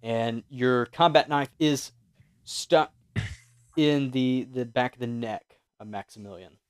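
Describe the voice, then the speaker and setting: A man's voice: medium pitch, steady tone, slow pace, clear, resonant tone, no room sound. Man narrating as game master, dry.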